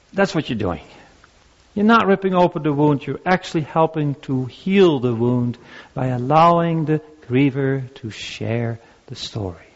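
A man's voice: mid-range voice, measured pace. An older man preaching as a pastor, telling personal stories in a conversational, anecdotal way with frequent restarts. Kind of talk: sermon on grief and listening. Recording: dull lo-fi recording.

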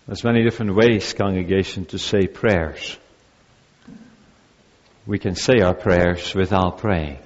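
A man's voice: sits low, measured pace, long pauses. A male pastor preaching a sermon to his congregation in an earnest, repetitive cadence. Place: church. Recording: dull, echoey church recording.

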